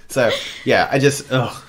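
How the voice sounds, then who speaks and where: A man, co-hosting a podcast and telling stories in a casual, lively way with frequent swearing. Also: mid-range voice, background noise. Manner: lively, swears often, animated storytelling. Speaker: podcast co-host. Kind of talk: casual chat.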